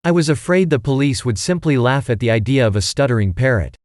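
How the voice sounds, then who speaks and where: A man reading an audiobook, voicing an elderly male stage actor who talks in a slow, theatrical, drawn-out way. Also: medium pitch, lively intonation, a little mellow, dry recording, clean studio sound, close to an everyday voice. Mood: indignant.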